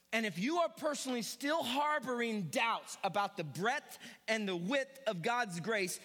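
A male pastor preaching a sermon, swinging between quiet asides and shouted emphasis. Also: high-pitched, in a large hall.

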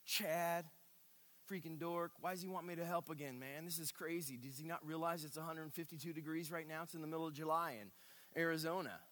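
A man's voice: on the high side, fairly even intonation, a little fast, fairly bright tone, natural voice. A man voicing a grumbling male church volunteer, muttering in a whiny, exasperated way in a reverberant hall. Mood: griping.

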